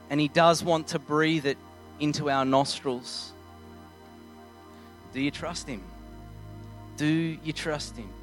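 A man's voice: on the high side, low-quality recording. A young man preaching a sermon in an earnest, conversational way, acting out little scenes as he goes.

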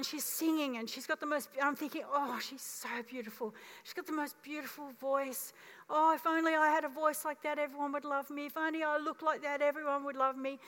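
A woman in her fifties preaching a sermon as pastor, telling her story in a lively way and acting out the voices. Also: sits high. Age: 50s. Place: church auditorium. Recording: long reverb of a church hall.

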